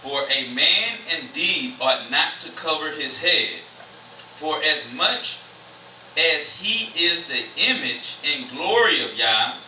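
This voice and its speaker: Man preaching to a congregation, bright cutting tone, mixes scripture reading with slangy asides; distant mic in an echoey hall. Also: a little high, lively intonation, a little hiss or hum. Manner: reads scripture slowly, then explains in loose everyday slang. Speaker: church speaker. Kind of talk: casual sermon with scripture reading. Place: church sanctuary. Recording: echoey church room, mic from afar.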